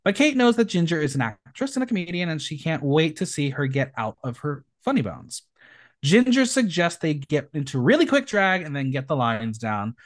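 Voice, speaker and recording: A man's voice: fairly high pitch, moderate pace. A man hosting a podcast, recapping a reality show in a gossipy, campy way. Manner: animated, gossipy, campy asides. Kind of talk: casual chat.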